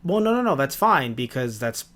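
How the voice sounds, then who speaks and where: A man's voice: mid-range voice, big pitch swings, normal speed, crowd noise. A man with a mid-range voice chats casually on a podcast. He rambles and restarts, with filler words and casual swearing. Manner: rambling, hesitant, profane. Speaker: podcast co-host. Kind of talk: casual review chat.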